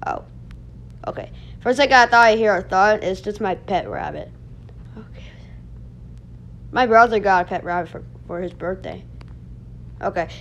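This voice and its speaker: A woman hosting a casual gameplay video, excitable, yelling and laughing as she plays. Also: mid-range voice, normal speed, long pauses, highs cut off. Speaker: gaming video host.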